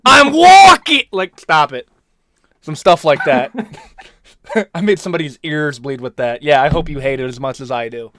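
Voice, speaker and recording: A young man hosting a live stream, chatting in an animated, slangy, rambling way. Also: mid-range voice, moderate pace, long pauses. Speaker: host. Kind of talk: casual live-stream chat.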